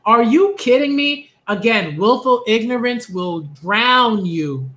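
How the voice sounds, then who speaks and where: A man giving a ranting commentary vlog on manga, animated and exasperated, repeating phrases for emphasis. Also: very high voice, a little slow, hardly any pauses.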